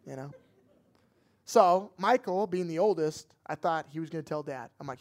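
Young pastor guy, fairly high voice, telling a dramatic story in his sermon. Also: moderate pace, a little mellow.

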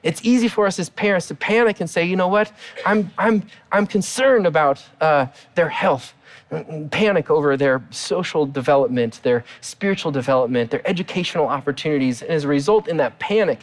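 A middle-aged man preaching a sermon as a pastor, earnest, with his voice rising and falling for emphasis. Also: a little fast. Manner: earnest, rises and drops in pitch for emphasis.

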